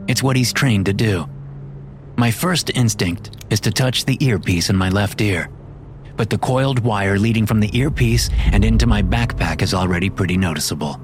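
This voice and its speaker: A man narrating a first-person horror story in a wry, deadpan way. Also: on the low side. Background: music.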